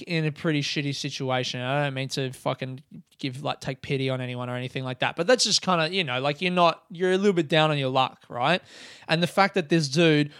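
A man's voice: fairly high pitch, clean tone, no echo, clean studio sound. A man with an Australian accent hosting a solo podcast, telling rambling stories in casual chat full of swearing. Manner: rambling, heavy swearing, animated storytelling.

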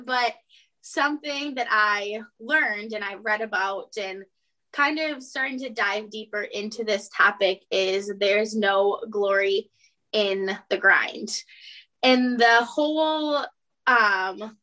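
A woman in her twenties chatting on a podcast, relaxed and candid, laughing often. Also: mid-range voice. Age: 20s. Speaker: podcast co-host. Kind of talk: casual podcast chat.

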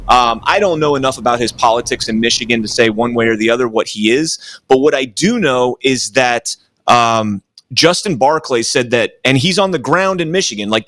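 A man's voice: medium pitch, fairly bright tone, slight background noise. A man, a guest writer, giving casual political commentary in a rambling, explanatory way. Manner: rambling, explanatory, hedges with "you know".

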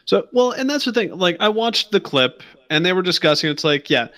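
Easygoing male podcaster, bright and forward voice. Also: sits high, very animated, fairly quick. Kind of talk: casual podcast chat about games.

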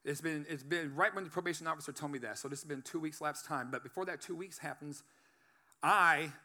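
High, bright-voiced man giving testimony. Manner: earnest, preacherly, calls for amens. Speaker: guest speaker giving testimony. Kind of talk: testimony sermon.

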